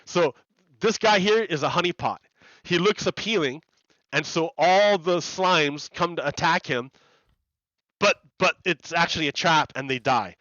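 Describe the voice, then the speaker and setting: A man's voice: on the high side, unhurried, bright, forceful tone, dry recording, dull audio. A man chatting casually on a live game stream, rambling and repeating words as he explains ideas to his viewers. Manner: rambling, repeats words and restarts, laughs often.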